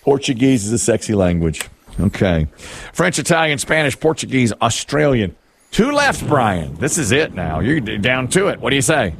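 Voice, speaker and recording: A man's voice: medium pitch, big pitch swings, normal speed, creaky, slight background noise. A man hosting a radio quiz game, rereading the question and joking with the panel. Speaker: radio game show host.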